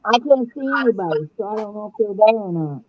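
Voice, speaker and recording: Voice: mid-range voice, expressive, fast talker. Guest speaking over muffled call audio. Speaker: guest on a live stream call. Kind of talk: casual chat.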